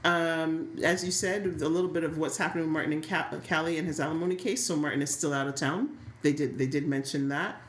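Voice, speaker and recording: A woman's voice: low voice, fairly even intonation, a little fast, hardly any pauses, roomy sound. A woman co-hosting a casual chat podcast about a soap opera, recapping scenes and laughing easily. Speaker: podcast co-host.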